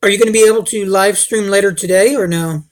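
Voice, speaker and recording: A man's voice: sits high, fairly even intonation, fast talker. A young man hosting a casual livestream, rambling and swearing, calling everyone dude. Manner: rambling, profane, says dude a lot. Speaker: livestream host.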